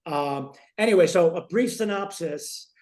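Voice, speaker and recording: A man in his forties chats casually, rambling with lots of fillers as he retells scenes. His voice sits fairly high. The room sounds roomy and echoing. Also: measured pace, a little mellow. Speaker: co-host. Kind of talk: casual chat. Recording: roomy echo.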